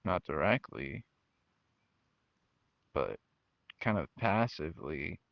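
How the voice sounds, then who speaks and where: A man's voice: sits low, expressive, slow pace, vocal fry, no room sound. A young man talking frankly to his channel viewers, venting about his family and quoting them in mocking voices. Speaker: channel host. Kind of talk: personal talk to camera. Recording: dull lo-fi mic.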